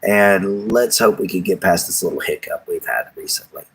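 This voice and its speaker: A man's voice: deep voice, normal speed, vocal fry, husky, rough recording. A man from Texas hosts a livestream. He chats casually with viewers in a rambling, folksy way and chuckles often. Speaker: livestream host. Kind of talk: casual chat with live viewers.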